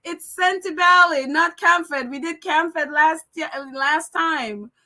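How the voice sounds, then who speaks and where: A woman's voice: extremely high pitch, takes it slowly, pushed and bright. A woman hosting a live stream, reading viewer comments aloud in a chatty way, laughing often and correcting herself with apologies. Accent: non-American accent. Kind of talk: casual live chat.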